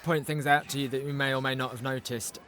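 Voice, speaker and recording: A man's voice: mid-range voice, fairly even intonation, fast, bright, forceful tone, a little hiss or hum. A man, a film director, talking reflectively through an audio commentary with some restarts. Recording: commentary over film soundtrack.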